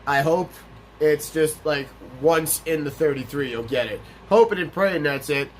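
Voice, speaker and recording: A man's voice: fairly high pitch, a little slow, slight background noise. A young man hosting a let's play, rambling through casual, profane gameplay commentary and stories.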